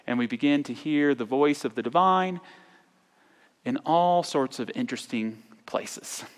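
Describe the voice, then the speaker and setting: A man's voice: mid-range voice, measured pace. A man giving an earnest sermon as minister, his voice sometimes falling almost to a whisper. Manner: earnest, with soft drops to near-whispers. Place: large church sanctuary. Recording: long church reverb.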